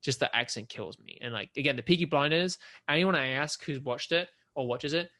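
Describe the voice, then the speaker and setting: Here's an animated young man trading stories on a podcast, his voice sitting a little high for a man. He swears freely and carries the conversation with easy, chatty energy. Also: fairly quick. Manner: animated storyteller, swears casually. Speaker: podcast co-host. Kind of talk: casual chat.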